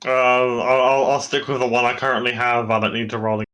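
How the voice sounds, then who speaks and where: A man's voice: mid-range voice, flat delivery, fast, fairly bright tone, poor audio. A man playing a tabletop game, hesitant and full of fillers as he works out his moves. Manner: hesitant, full of fillers while working out rolls. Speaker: player.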